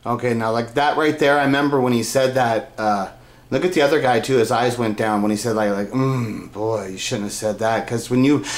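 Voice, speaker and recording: Casual male reaction commentator, loose and rambling, roomy sound. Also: medium pitch. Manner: rambling, sighs and laughs, restarts.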